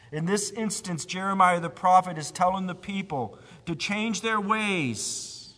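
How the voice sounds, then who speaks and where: A man preaching a sermon, emphatic, rising to loud cries and sinking to a low hush. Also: expressive, takes it slowly, long reverb tail.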